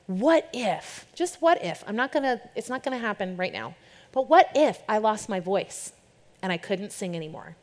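A woman's voice: mid-range voice, big pitch swings, moderate pace. A young adult woman, a worship leader, giving a candid, informal talk to a church group. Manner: chatty and candid, shifts into playful quoted voices. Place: church or event hall with an audience. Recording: long hall reverb.

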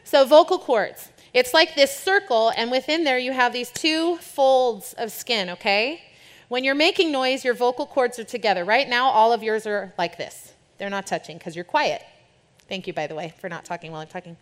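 A woman's voice: on the high side, normal speed. A young adult woman, a worship leader, giving a candid, informal talk to a church group. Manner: chatty and candid, shifts into playful quoted voices. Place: church or event hall with an audience. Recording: long hall reverb.

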